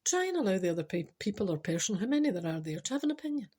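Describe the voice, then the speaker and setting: A Scottish woman hosting a podcast, telling a comic story with spiritual advice in a chatty, animated way full of teasing asides. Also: mid-range voice, rapid-fire, slightly rough.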